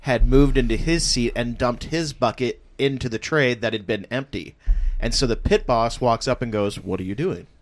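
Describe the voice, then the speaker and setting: A man's voice: medium pitch, moderate pace. A man in casual chat with friends, matter-of-fact as he corrects their version.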